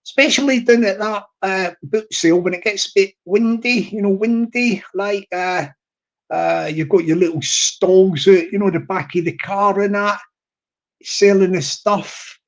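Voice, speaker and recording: A man's voice: sits high, measured pace, muffled recording. A man chatting to his live stream audience in a rambling, teasing way, repeating himself and restarting.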